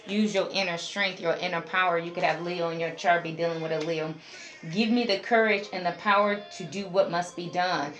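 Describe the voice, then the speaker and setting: Low-voiced woman giving a tarot reading. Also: a bit bright. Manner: chatty, addresses viewers directly as a group. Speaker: tarot reader. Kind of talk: casual spoken tarot reading. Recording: roomy echo, faint music behind.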